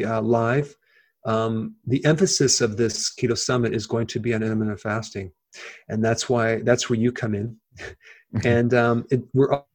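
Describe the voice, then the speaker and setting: A man's voice: mid-range voice, darkish tone. A man as an interview guest, explaining things plainly, with frequent fillers and restarts. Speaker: guest, health video creator. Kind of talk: casual interview talk.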